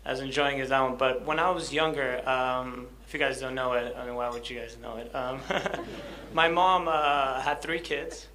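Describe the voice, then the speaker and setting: A man's voice: medium pitch, steady tone, moderate pace, hardly any pauses, bright, forceful tone, slight background noise. A young man telling his personal story to an audience, hesitant, with many fillers and self-conscious laughs. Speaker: guest speaker.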